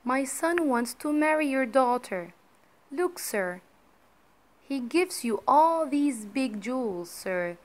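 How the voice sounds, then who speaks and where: A woman voicing a poor, fretful mother who speaks in a high, emphatic voice. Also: big pitch swings, takes it slowly, full character voice. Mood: humble. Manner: high and emphatic, then humble.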